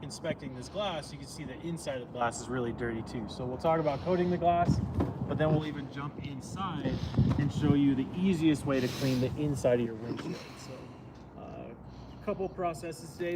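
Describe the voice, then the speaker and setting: A man's voice: a little high, recorded from a distance, very noisy. A man hosting a live product demo outdoors beside a car, talking loosely with many fillers, recorded on a phone's camera audio. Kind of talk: casual livestream how-to talk. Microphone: phone camera audio, no wireless mic.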